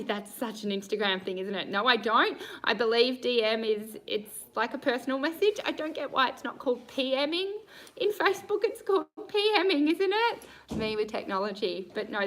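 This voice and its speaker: A woman's voice: on the high side, fairly bright tone, rough recording. An Australian woman, a riding coach, answering viewer questions on a live stream in a bubbly, upbeat way and laughing often.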